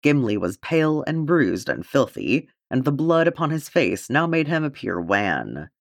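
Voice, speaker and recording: Brief: male audiobook reader, expressive storyteller, animated delivery. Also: mid-range voice, moderate pace, vocal fry, dry recording, studio quality. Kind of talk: fan-fiction audiobook narration.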